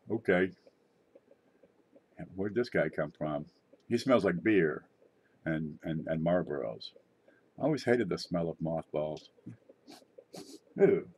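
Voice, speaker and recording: A man's voice: low-pitched, darkish tone, husky. A middle-aged man hosting his own channel, rambling and joking in a casual monologue. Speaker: channel host.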